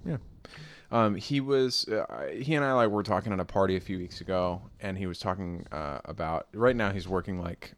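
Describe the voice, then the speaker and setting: Casting: young male podcast co-host, lowish voice, loose, chatty, rambling delivery. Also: moderate pace. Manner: rambling, many fillers and restarts. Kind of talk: casual chat.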